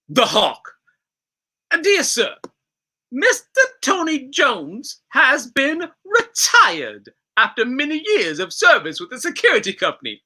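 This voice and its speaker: A woman reading as a stiff, overly courteous letter writer with a bright, sharp voice. The pitch leaps all over the place as each polite line is read out. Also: wildly swooping pitch, slow pace, slightly rough, exaggerated voice. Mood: formal.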